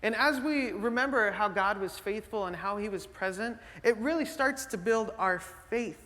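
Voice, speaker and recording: A male pastor preaching a sermon in a conversational, animated storytelling way, full of fillers and restarts. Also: high voice, moderate pace, big-room sound. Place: church sanctuary.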